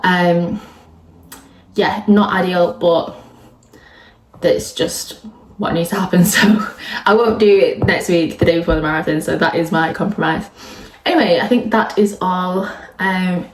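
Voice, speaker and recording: A woman's voice: lowish voice, fairly even intonation, unhurried, a little hiss or hum. Stuffy-voiced woman vlogging. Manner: chatty, rambling with fillers. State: stuffy with a cold and cough. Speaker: triathlete vlogger. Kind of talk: casual vlog chat. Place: at home indoors. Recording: roomy echo.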